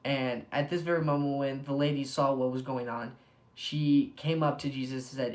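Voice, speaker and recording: Excitable young man giving a casual devotional. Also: medium pitch, moderate pace. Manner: excitable, heavy use of "like", bursts of enthusiasm. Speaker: devotional speaker.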